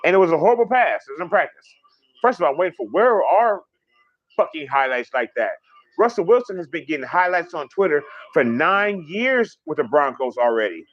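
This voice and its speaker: A man hosting a casual livestream, chatting fast and rambling, swearing freely as he reads viewer comments. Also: on the high side, big pitch swings, dry recording, muffled recording. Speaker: livestream host.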